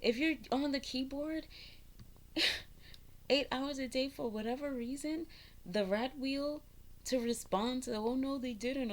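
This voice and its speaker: A woman in her thirties giving a casual spiritual vlog monologue, animated and preachy, firing rhetorical questions and laughing often. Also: on the high side. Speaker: spiritual vlogger.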